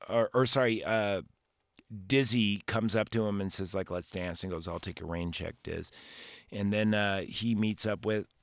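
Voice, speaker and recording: A man's voice: fairly low pitch, clear, resonant tone, no echo, clean studio sound. A man in his forties hosting a podcast, giving a casual, rambling movie recap with lots of swearing and filler words. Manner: rambling and profane, full of fillers. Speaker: podcast host.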